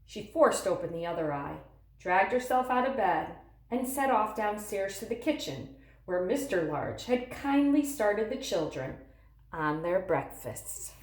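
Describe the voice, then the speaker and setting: A woman's voice: mid-range voice, sing-song, unhurried, roomy sound, rough recording. A woman reading a picture book aloud expressively, with asides to her listeners. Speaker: storybook reader.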